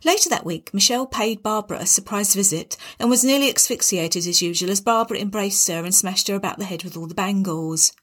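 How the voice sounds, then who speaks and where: A woman's voice: mid-range voice, a little fast, hardly any pauses, a bit bright. A woman narrating a darkly comic story in a wry, dramatic way.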